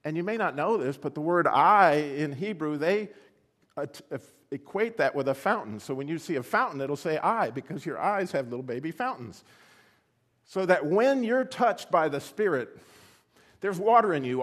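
A man preaching with a slightly high voice and lots of swing in his pitch. He fires rhetorical questions at the congregation and builds toward excited exclamations. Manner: animated, rising to excited exclamations; asks the audience rhetorical questions. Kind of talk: sermon.

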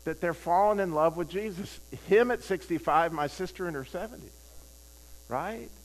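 An older man with a high-sitting voice preaches a sermon at a normal pace, recounting a personal story and frequently putting questions to the audience. His manner is conversational, and he repeats key phrases for emphasis. The recording quality is low.

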